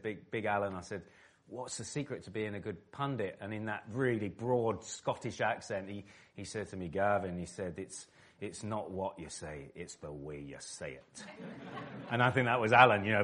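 A middle-aged man from England tells vivid stories as an interview guest. His voice sits on the low side, and he tells them with animation and easy laughter. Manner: animated, vivid storyteller who laughs often. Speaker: former footballer and pastor, interview guest. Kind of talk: storytelling in an interview.

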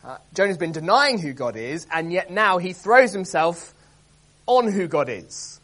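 A man preaching an expository sermon, earnest and emphatic, reading scripture aloud with dramatic stress and often pausing with um and uh. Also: high voice, very animated, fairly bright tone. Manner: earnest, emphatic, many ums and uhs.

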